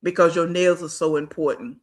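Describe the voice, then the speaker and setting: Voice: mid-range voice, fairly even intonation, a little fast. Blunt, scolding reaction-channel host. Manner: blunt, scolding, rhetorical questions; casual slang. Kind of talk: casual commentary. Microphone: streaming setup mic.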